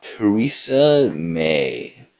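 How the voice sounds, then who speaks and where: A man imitating an elderly British nature documentary narrator with a British accent, speaking in halting, confused, wandering phrases. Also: on the low side, sing-song, darkish tone, muffled recording, voice pushed up, full character voice.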